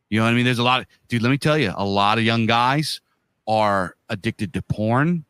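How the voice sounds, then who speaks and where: A man's voice: fairly low pitch, brisk, fairly bright tone, clear, resonant tone, no room sound. A man in his thirties or forties co-hosting a podcast, talking bluntly in casual chat with lots of profanity and slang. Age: 30s to 40s. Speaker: podcast co-host.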